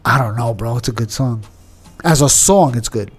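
A man's voice: mid-range voice, moderate pace, soft background music. Rambling guy with lots of restarts. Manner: rambling with many restarts and filler; calls listener "bro". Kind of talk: casual chat.

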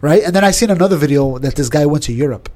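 A man's voice: a little high, animated, rapid-fire, mellow. A man in casual podcast chat, rambling with many restarts and fillers, calling people "bro". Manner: calls listener "bro".

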